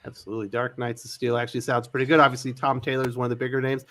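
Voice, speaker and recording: A man hosting a live comics panel chat, moving the talk along briskly and putting questions to his guests. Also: mid-range voice, level tone, a bit bright. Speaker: podcast host.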